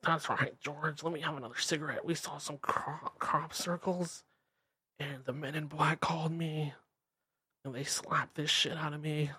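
A man putting on a mocking impression of a boastful older woman who chain-smokes, drawling slowly. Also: a little high, fairly even intonation, bright, forceful tone, husky, no room sound, studio quality, voice pushed up, exaggerated voice.

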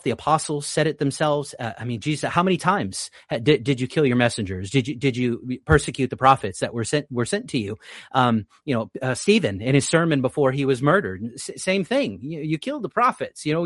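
A man's voice: animated, a little fast, dry recording, clean studio sound. A man hosting a live stream, giving religious commentary in an earnest, stumbling way, repeating words as he goes. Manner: earnest, repeats words often, rises in pitch when emphatic. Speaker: livestream host.

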